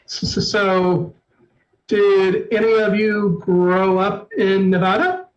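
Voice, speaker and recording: A man's voice: high voice, takes it slowly. A man voicing a nervous male doctor who stammers and repeats his words, on a dull lo-fi stream recording. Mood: nervous stammering. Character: nervous stuttering male doctor, jumpy and anxious.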